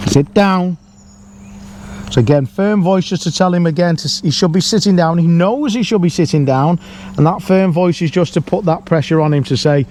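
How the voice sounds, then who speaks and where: A man, a dog trainer, explaining a training exercise outdoors in a calm, explanatory way, with sharp calls to the dog. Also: fairly high pitch, slight background noise. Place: outdoors in a field.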